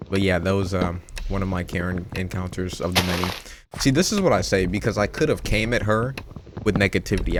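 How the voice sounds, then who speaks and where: Slangy young man, low voice. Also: noisy background. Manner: animated, slangy, swears freely. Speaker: gaming youtuber. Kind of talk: casual storytelling over gameplay. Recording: game music in background.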